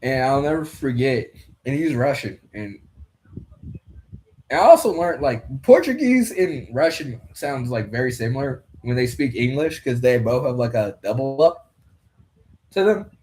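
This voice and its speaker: A man's voice: mid-range voice, sing-song, unhurried, darkish tone. A young man talks over a fight card in a loose, rambling way, drifting between stories and remarks on the fighters. He swears offhandedly and keeps it casual throughout. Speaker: podcast host commentating a fight card.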